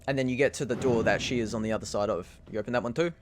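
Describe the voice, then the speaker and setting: Male game master, calm narration, mid-pitched. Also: very fast, noisy background.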